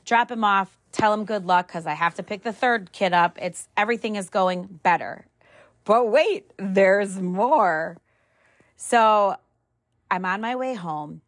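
Mid-age mom rambling through a funny family mess, wry and animated, dry close sound. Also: female voice, mid-range voice, normal speed, dry recording. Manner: animated, wry, exasperated humor; acts out dialogue with "I'm like". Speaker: mother telling a family story. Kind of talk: casual storytelling to camera.

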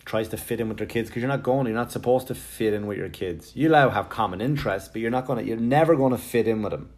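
This is a middle-aged man from Ireland whose Wexford accent has softened around the edges. His voice sits a touch low. He hosts his own podcast in a loose, self-mocking ramble full of "like" and "right?". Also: quick pace. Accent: Wexford Irish, softened. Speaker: podcast host. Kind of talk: casual solo podcast monologue.

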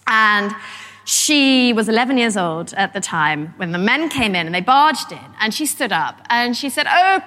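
A woman historian giving a lively public lecture, telling stories with animation. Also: fairly high pitch, moderate pace. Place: lecture hall. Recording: reverberant lecture hall.

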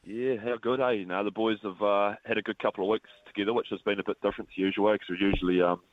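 A man's voice: on the low side, fairly even intonation, very fast, phone-quality sound. A man with a New Zealand accent, a rugby head coach, talking in a laid-back, humble, rambling way on a radio interview.

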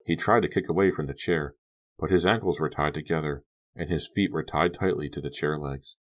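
A man narrating a young-adult horror audiobook in a calm, measured storytelling manner. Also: extremely low pitch. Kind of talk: scripted narration.

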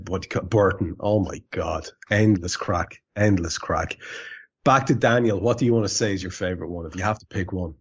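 A man's voice: low-pitched, dull audio. A man co-hosting a podcast in casual chat, repeating words as he goes and laughing often. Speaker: podcast co-host.

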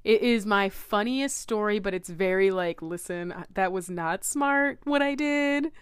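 Smooth-voiced young woman telling a story. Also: mid-range voice, measured pace, dry recording, clean studio sound. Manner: animated, laughs often, acts out quoted voices. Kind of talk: casual storytelling chat.

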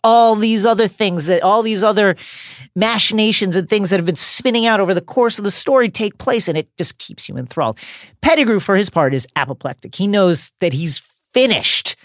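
A woman co-hosting a casual book discussion podcast, talking with emphatic, animated commentary. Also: mid-range voice, brisk, dry recording, studio quality. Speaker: podcast co-host.

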